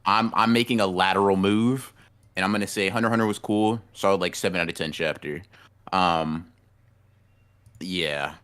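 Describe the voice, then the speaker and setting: Low-voiced young man chatting loosely. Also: steady tone, moderate pace, a bit bright, clean tone. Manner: laid-back, rambling, lots of fillers and slang. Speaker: podcast co-host. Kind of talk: casual chat.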